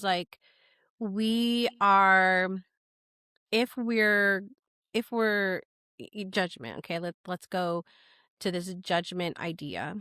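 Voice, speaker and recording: A woman's voice: fairly low pitch, a bit bright, no room sound. A woman guest on a podcast, talking earnestly in a casual conversation and often restarting her sentences as she thinks aloud. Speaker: guest, intuitive astrologer.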